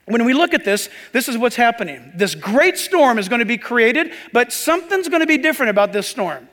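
High-voiced man preaching a sermon. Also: very animated, brisk, fairly bright tone. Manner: conversational, joking asides to the congregation. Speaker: pastor. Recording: long hall reverb.

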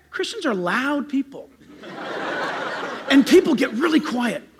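A middle-aged man preaching from the pulpit with a strikingly high voice that swoops up and down. His tone is bright and ringing, and he tells his stories with animated energy, acting out greetings loudly. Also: normal speed, long pauses, slightly rough. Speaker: pastor. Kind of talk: sermon.

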